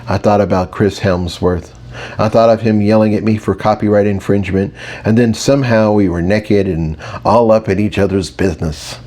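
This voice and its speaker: A man's voice: fairly low pitch, steady tone, normal speed, mellow. A man narrating a fantasy audiobook in the first person, wry and conversational.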